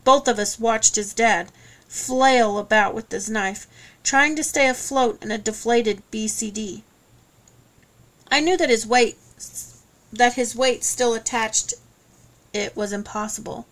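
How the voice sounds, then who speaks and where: A woman with a voice on the high side narrates an audiobook in the first person. Her scripted delivery is steady and measured.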